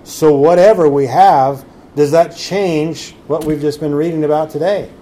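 A man's voice: a little high, fairly even intonation, measured pace, mellow. A man preaching a sermon in a conversational way, full of rhetorical questions. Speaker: pastor.

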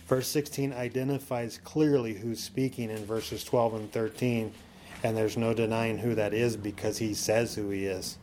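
A man teaching a sermon in a conversational, coaching way, often checking in with "okay?" and slowing down to read scripture aloud. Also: lowish voice, fairly even intonation, darkish tone, a little hiss or hum.

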